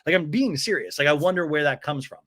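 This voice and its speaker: A male podcast host giving a comedic reality TV recap, animated and jokey, acting out the lines he quotes. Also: a little high, quick pace.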